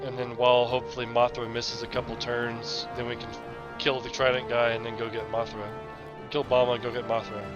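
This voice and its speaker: A man's voice: mid-range voice, completely flat delivery, fairly quick, lo-fi sound, over loud music. A man playing a tabletop game, casually and methodically talking through tactics. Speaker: player.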